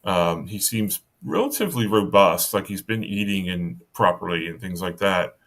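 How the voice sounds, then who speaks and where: Low-voiced man running a tabletop game. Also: expressive, fairly bright tone. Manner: halting, many fillers and restarts. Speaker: game master.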